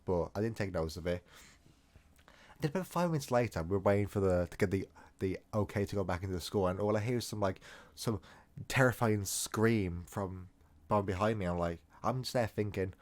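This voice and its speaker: A young man tells a story in a loose, rambling way and keeps breaking off into self-mocking jokes. His voice sits low and deep. He talks as if to friends, casual and unscripted. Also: fast, a little mellow. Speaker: storytime vlogger.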